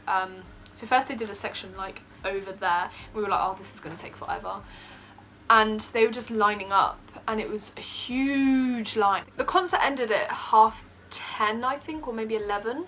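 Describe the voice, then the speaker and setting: Excitable young woman, bright voice. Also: fairly high pitch, slight background noise. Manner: excitable, gushing, laughs often. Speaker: vlogger. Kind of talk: casual storytime vlog.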